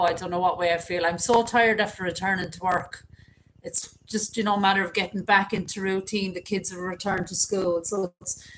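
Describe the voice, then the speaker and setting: A woman's voice: mid-range voice, slight background noise, poor audio. A woman hosting a casual livestream, chatting and greeting her viewers by name. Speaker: livestream host.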